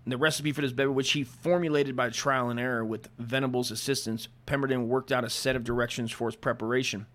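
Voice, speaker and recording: A man's voice: mid-range voice, fairly even intonation, quick pace, fairly bright tone. A man hosting a podcast, reading history aloud and breaking off into rambling, profane asides, and he often stumbles over the written words. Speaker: podcast host.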